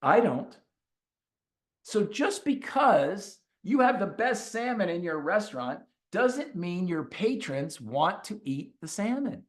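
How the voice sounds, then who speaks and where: A man speaking as a coach in a webinar, telling stories in an animated way and repeating points for emphasis. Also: high-pitched, takes it slowly. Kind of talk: webinar talk with storytelling.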